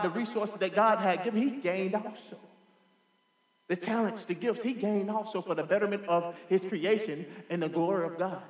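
An impassioned man preaches with a high-pitched voice, repeating phrases and swinging from loud declarations to hushed asides. The sound comes from a roomy hall with a long echo trailing after him. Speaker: pastor. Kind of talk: preaching a sermon. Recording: echoey hall with long reverb.

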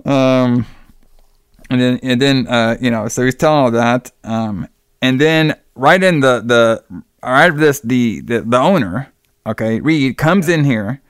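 A young man rambles through a film plot with plenty of fillers and restarts. His voice sounds smooth and resonant. The recording is dry and close. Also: medium pitch, measured pace, no echo. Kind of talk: casual film recap.

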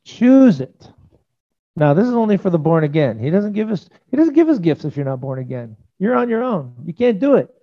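A man's voice: high-pitched, very animated, fast, few pauses, dull audio. A man preaching a sermon in a church, earnest and conversational, acting out quotes from his listeners and stories. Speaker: pastor. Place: church sanctuary.

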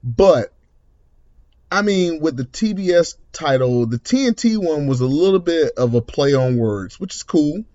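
A man's voice: a little high, animated, a little slow, dark tone. Man giving solo commentary, lo-fi sound. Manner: chatty, opinionated. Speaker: podcast segment host. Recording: dull lo-fi sound.

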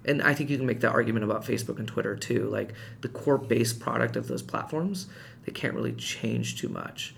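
A man telling a personal story in casual podcast chat, animated and rising in pitch when reliving heated moments. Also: fairly quick, creaky, a little hiss or hum. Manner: frequent restarts and fillers, conversational. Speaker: podcast guest.

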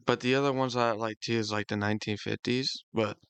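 A man's voice: fairly low pitch, fairly even intonation, fast talker, fairly bright tone, smooth, no echo. A man co-hosting a podcast in casual chat, agreeable and giving short replies. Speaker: podcast co-host.

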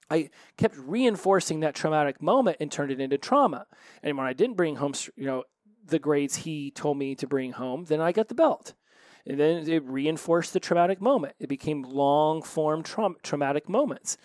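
A man talks through a solo recovery podcast in a fairly high voice, earnest and animated. He leans on repetition to drive his points home. The sound is dry and close, with no room around it. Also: a little fast, no echo. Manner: earnest, animated, repeats phrases for emphasis.

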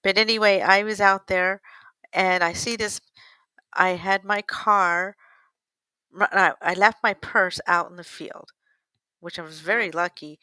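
A woman's voice: mid-range voice, fairly even intonation, unhurried, pauses often, sharp tone, smooth, dry recording, poor audio. An older woman from the United States telling a personal story in a casual, rambling way, correcting herself and laughing often. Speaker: interviewee.

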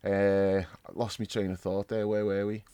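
A man co-hosting a casual football chat, telling stories in an animated way with plenty of swearing and laughter. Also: lowish voice, moderate pace, smooth, no echo. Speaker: football podcast co-host. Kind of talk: casual match reaction chat.

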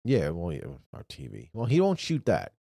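A man's voice: deep voice, moderate pace, vocal fry, no echo, clean studio sound. A man in his thirties co-hosting a casual podcast, talking loosely and swearing freely. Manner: animated, swears freely, acts out quotes. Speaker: podcast co-host. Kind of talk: casual chat.

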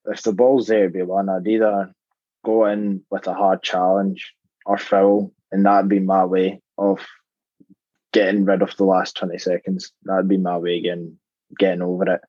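A man's voice: low voice, completely flat delivery, moderate pace, warm tone, no room sound, highs cut off. A male football player as a guest in a casual interview, plain-spoken and hesitant with lots of "like".

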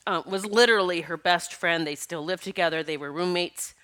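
A middle-aged woman talks through tears on her own podcast, sniffling as she goes. Her voice sits low yet comes out bright and forceful. She rambles emotionally and laughs between the tears. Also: a little fast, clean tone. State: tearful, sniffling. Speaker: podcast host. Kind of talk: casual spiritual podcast monologue.

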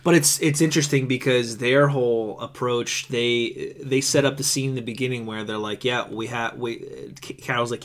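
A man's voice: mid-range voice, normal speed, few pauses. Casual podcast host, easygoing man. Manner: animated, acts out lines in put-on voices. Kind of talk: casual chat.

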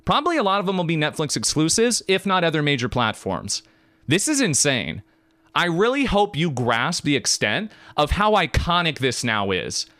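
A man hosting a podcast, talking in an excited, emphatic rant that swings between high and low. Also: moderate pace, dry recording. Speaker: podcast host. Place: California.

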